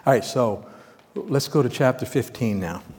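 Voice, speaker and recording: A man preaching a sermon, teaching through scripture in a conversational way, asking his listeners questions and swinging between loud emphatic bursts and quiet asides. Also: mid-range voice, expressive, moderate pace. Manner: conversational, asks the congregation questions. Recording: long reverb of a large hall.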